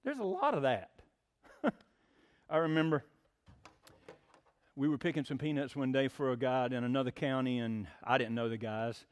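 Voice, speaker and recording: A man's voice: mid-range voice, animated, moderate pace, pauses often. A man preaching a sermon in a folksy, plainspoken storytelling way. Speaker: pastor.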